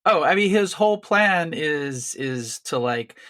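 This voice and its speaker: A man's voice: a little high, slow pace, few pauses. Blunt, swearing man picking apart a film. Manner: blunt and swearing, animated critique. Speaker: podcast co-host. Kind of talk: casual film discussion.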